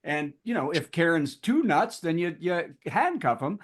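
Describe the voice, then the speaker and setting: A man host riffs with a guest on a video call, his voice swooping up and down in lively turns. He talks in quick bursts and trips over repeated words. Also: a little high. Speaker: comedy show host.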